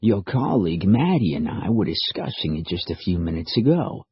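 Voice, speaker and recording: A man voicing a calm, smooth-talking male interrogator who coaxes casually, in a dry, slightly dull audiobook recording. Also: low-pitched, moderate pace, dry recording, exaggerated voice. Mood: coaxing. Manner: casual, coaxing.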